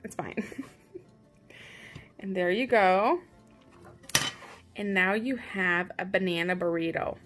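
A woman's voice: medium pitch, slow, long pauses, over music. Chatty upbeat woman in a home kitchen. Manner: chatty, upbeat, self-teasing. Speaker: parent and vlog host. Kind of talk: casual how-to chat.

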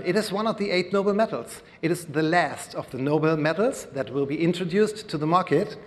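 A man with a German accent gives a live presentation to an audience, explaining slowly with many fillers and pauses. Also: a little high. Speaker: presenter at a conference. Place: large hall before an audience. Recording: long reverb of a large hall.

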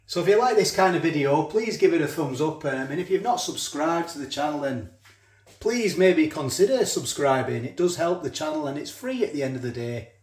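A man's voice: fairly high pitch, lively intonation, brisk, a little mellow, reverberant. A man chatting casually as he cooks and tastes food in a home kitchen. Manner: chatty, talks while chewing, frequent restarts. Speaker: food reviewer. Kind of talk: casual food review vlog.

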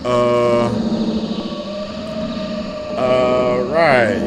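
A young man commentating his own game play, excitable and swearing, shouting in panic at times. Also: on the high side, a little slow, long pauses, noisy background. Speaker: gaming streamer. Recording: game music behind. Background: game music.

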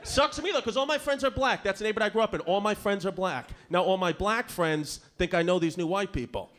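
New guy doing stand-up, high voice, brash and foul-mouthed, crowd noise clearly behind him in the club. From Brooklyn, New York. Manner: brash, profane, rapid-fire with crowd work. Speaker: stand-up comedian. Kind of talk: stand-up comedy set. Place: comedy club stage before a live audience. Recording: live club recording with audience noise. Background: audience laughter.

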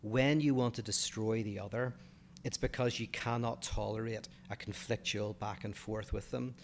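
A man's voice: lowish voice, fairly even intonation, normal speed, vocal fry, slight background noise. A man from Northern Ireland with a Northern Irish accent, co-hosting a casual podcast and talking through philosophical ideas in a thoughtful way, often restarting mid-phrase.

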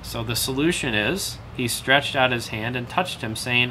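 Bright-voiced man teaching a Bible study. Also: medium pitch, lively intonation, moderate pace, slight background noise. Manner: conversational, with many fillers and restarts. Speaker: pastor leading Bible study.

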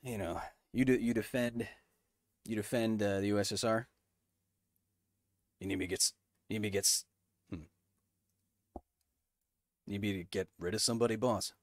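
A man putting on a low, gruff generic video game tough guy voice. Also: steady tone, normal speed, long pauses, no echo, clean studio sound, lightly acted.

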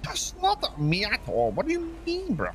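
A man's voice: high-pitched, huge pitch swings, moderate pace, a bit bright, a little hiss or hum. A man teasing his friends in casual roleplay banter, ending lines with "bro". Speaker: roleplay player. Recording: group chatter behind.

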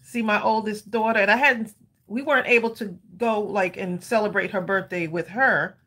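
A woman, hosting a live craft stream and chatting with viewers in a lively, laughing way. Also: mid-range voice, moderate pace. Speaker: craft channel host.

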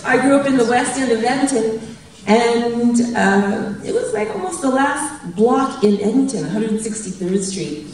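A woman's voice: on the high side, lively intonation, unhurried, a little mellow. A woman in her fifties giving a chatty, anecdotal public talk as a guest speaker and laughing at her own jokes. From Canada. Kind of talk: public storytelling speech. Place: large event hall. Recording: very echoey hall from a distant mic.

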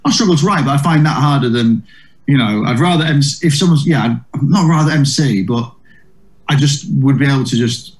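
A man's voice: mid-range voice, a little fast. A male comedian, a guest on an interview podcast, telling casual anecdotes in a rambling way with many restarts and "like"s.

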